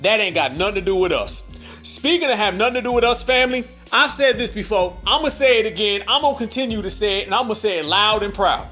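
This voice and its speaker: A man's voice: high voice, animated, fast, pushed and bright, faint music behind. A man hosting political commentary, emphatic and profane, repeating points for emphasis. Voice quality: emphatic, repetitive, profane, preacher-like. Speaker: host.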